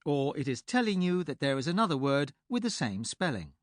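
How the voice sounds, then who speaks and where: A man reading a scripted language lesson for an audiobook, speaking clearly and explaining step by step. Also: on the high side, very animated, fairly quick, dry recording, clean studio sound. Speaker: language tutor.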